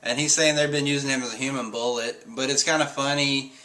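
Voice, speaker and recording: Bright-voiced man recapping a comic. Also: mid-range voice, fairly even intonation, quick pace. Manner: chatty, laughs often. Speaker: comic reviewer. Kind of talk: casual chapter recap.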